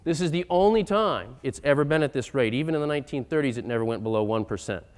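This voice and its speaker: A man giving an emphatic lecture-style talk on economics, building to loud, insistent points. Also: mid-range voice, lively intonation, fast talker. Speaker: economic speaker.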